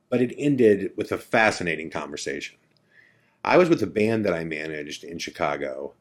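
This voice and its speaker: A man hosting a podcast, casually telling a first-person story in a chatty, self-correcting way. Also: deep voice. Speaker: podcast host.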